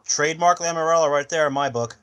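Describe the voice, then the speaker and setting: A man co-hosting a podcast, chatting about hockey casually with quick quips, his voice dropping low at sentence ends. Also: smooth. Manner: agreeable quips, trails off quietly at sentence ends. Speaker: podcast co-host. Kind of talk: casual sports chat.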